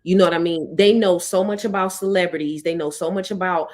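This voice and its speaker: A woman hosting a podcast, affirming her guest in a lively, slangy casual chat. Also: on the low side, fast talker. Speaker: podcast host.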